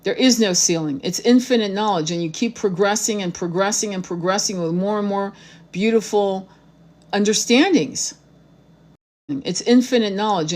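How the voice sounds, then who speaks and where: A woman's voice: medium pitch, darkish tone. Blunt, profane woman tarot host. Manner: fiery, repeats phrases for emphasis. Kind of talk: live-streamed spiritual talk.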